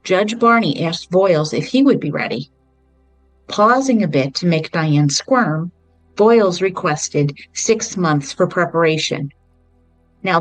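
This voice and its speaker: A woman hosting a podcast, retelling a true-crime book in a measured storytelling way with brief personal asides. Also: lowish voice, no echo, rough recording. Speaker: podcast host.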